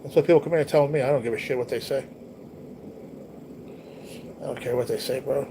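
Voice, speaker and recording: Steady in tone and a little fast, a man with a medium-pitched voice hosts a laid-back livestream. He addresses viewers bluntly and at length, cursing and using slang freely, with noticeable background noise in the recording.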